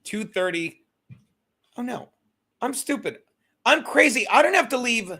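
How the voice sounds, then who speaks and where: A man hosts a loose solo livestream from home, swearing freely and chatting straight to his viewers. His voice sits high for a man. It has a bright edge. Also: sing-song, measured pace. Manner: loose, profane, rambling, talks to chat. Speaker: livestream host. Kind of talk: casual solo livestream chat. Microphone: streaming setup.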